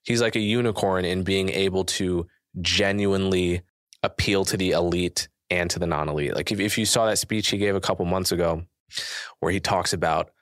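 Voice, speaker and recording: A man's voice: low voice, fairly even intonation, normal speed, a bit bright, no room sound, studio quality. A man in his twenties, hosting a podcast and talking in an earnest, thoughtful way with frequent restarts. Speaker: podcast host. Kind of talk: casual conversation.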